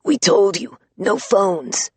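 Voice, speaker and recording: A woman narrating an audiobook, voicing a bold, scheming young woman who fakes a harsh rasping voice. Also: medium pitch, very animated, slow, a little mellow, no echo, full character voice. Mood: gruff rasp. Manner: rasping, put-on gruff. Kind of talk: audiobook character voice.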